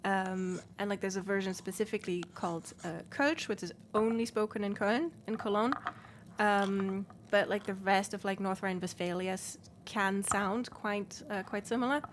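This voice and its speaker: A woman's voice: mid-range voice, steady tone, moderate pace, a little hiss or hum. A woman from northern Germany, a native German speaker with a northern German accent, chatting casually while playing a game and explaining things with many fillers. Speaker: let's play streamer. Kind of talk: casual gameplay chat.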